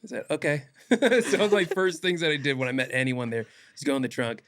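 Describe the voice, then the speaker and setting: A young man, an actor guest on a podcast, telling stories in a casual animated way and acting out quotes. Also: a little high, a little fast, no room sound. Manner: animated, laughs often, acts out quotes. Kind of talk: casual podcast interview storytelling.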